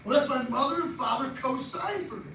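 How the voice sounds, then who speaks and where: An older man with a New Jersey accent gives a live money seminar. He talks fast and animated and quizzes people in the audience. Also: very high-pitched. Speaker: financial speaker. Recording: echoey far-off room mic with noise.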